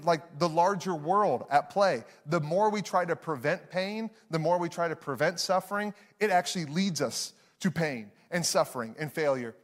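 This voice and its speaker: A man in his thirties preaches a sermon to a live congregation with a slightly high voice. He talks in a loose, conversational way, restarting his phrases often and putting on voices for the people in his stories. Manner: conversational storytelling with frequent restarts; acts out voices in anecdotes. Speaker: pastor. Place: church hall with live audience.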